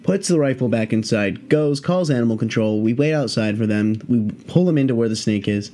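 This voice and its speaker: A man's voice: mid-range voice, brisk, mellow. A man telling a story to his listeners in loose, casual speech. He swears freely and leans on fillers as he rambles along, in an ordinary mid-range voice. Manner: profane, rambling, filler-heavy. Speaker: podcast host.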